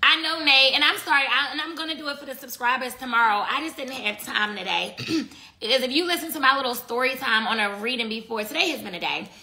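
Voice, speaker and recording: A woman's voice: high-pitched, quick pace, pushed and bright. Blunt, chatty woman tarot reader. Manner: blunt, profane, chatty, talks to chat viewers. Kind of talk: casual live tarot reading.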